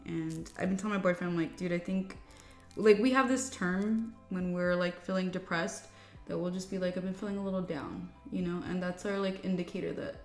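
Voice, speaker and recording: Candid rambling woman in an echoey room. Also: mid-range voice. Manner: candid, rambling, many fillers and restarts. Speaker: beauty vlogger. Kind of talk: casual chat while getting ready. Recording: echoey room with faint music.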